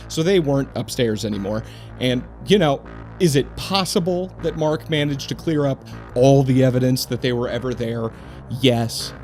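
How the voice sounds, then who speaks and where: A man's voice: mid-range voice, a little mellow. A man narrating a true crime story casually, with indignant, profane, sarcastic asides.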